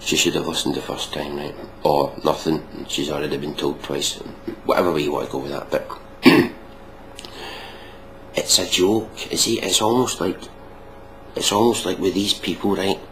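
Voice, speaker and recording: A man's voice: a bass voice, fairly even intonation, moderate pace, slight background noise, low-quality recording. A man giving mocking, sweary reaction commentary on a video, ranting sarcastically.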